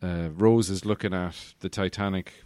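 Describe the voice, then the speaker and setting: Man, podcast co-host, very low voice, dry, rambling, joking. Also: steady tone, normal speed, dark tone, smooth, dry recording. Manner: rambling, joking, many fillers. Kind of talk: casual film chat.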